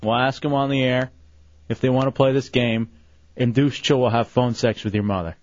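A man's voice: mid-range voice, fairly even intonation, moderate pace, no echo, lo-fi sound. A man hosting a crude comedy radio show, teasing and mocking his co-hosts.

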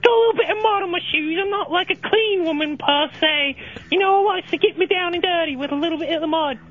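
A man's voice: very high voice, fast, dull audio. A man voicing a crude middle-aged British woman caller in a comic radio bit, bawdy and rambling. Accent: put-on British. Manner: brash, bawdy, rambling with fillers.

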